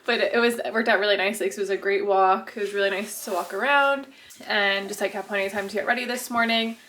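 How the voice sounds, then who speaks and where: Quick-paced and fairly bright, this woman's mid-range voice keeps a fairly even intonation as she chats bubbly for her travel vlog, laughing a lot. She films on a handheld phone both outdoors and indoors, and the footage is noisy.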